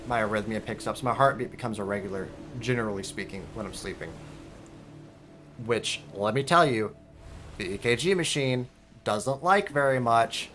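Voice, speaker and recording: A young man streaming a game, telling a story in a casual, swearing, animated way and squeaking out high alarm noises. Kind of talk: casual storytelling while gaming.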